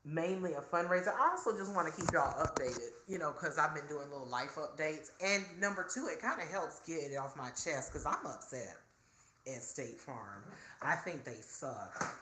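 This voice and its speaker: A chatty vlogger in their forties vents to viewers in a casual, indignant way. The voice is bright and sharp, and it bounces around a lot in pitch. It was recorded in an echoey room indoors. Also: animated, normal speed, a little hiss or hum. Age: 40s. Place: indoors, self-filming.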